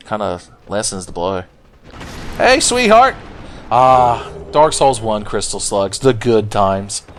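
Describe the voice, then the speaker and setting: A man giving crude, joking let's-play commentary while gaming, slipping into silly voices for game characters. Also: mid-range voice. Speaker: gameplay commentator.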